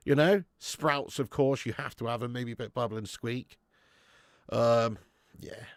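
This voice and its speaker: A man's voice: mid-range voice, a little slow, no room sound, studio quality. A man hosting a live football watch-along, reading the chat and chatting with viewers in a casual, sweary way, calling everyone mate and laughing often.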